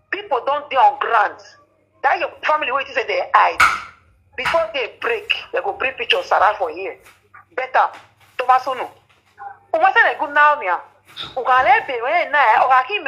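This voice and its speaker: A woman's voice: high voice, sharp tone, highs cut off. A woman with a Nigerian accent giving a heated, scolding rant as a social media commentator, repeating her warnings over and over.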